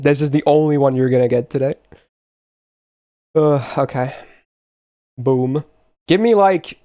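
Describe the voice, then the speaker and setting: A man's voice: mid-range voice, darkish tone. A young man chatting casually on a live stream, blunt and swearing often as he talks to his chat.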